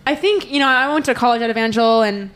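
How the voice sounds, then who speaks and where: A woman's voice: fairly high pitch, quick pace, fairly bright tone. A woman hosting a faith podcast, talking casually and with enthusiasm, using slang like "bro". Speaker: podcast host.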